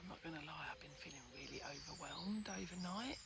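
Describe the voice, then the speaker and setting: A woman's voice: sits low, fairly quick, gravelly, heavy background noise. A woman vlogging in a chatty, effusive way, thinking aloud and often dropping to a near-whisper. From Peckham, London. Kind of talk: casual vlog talk to camera.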